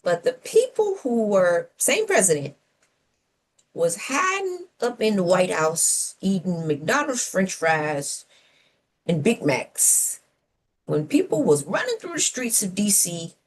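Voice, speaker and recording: A woman's voice: medium pitch, sing-song, takes it slowly. A woman co-hosting a civic talk show, delivering opinionated commentary with sarcastic rhetorical questions and playful whoops.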